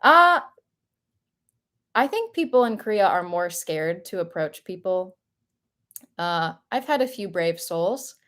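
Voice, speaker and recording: A young American woman with a light Southern accent, chatting casually and laughing often as she answers viewer questions on a livestream. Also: fairly low pitch. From United States. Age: young adult.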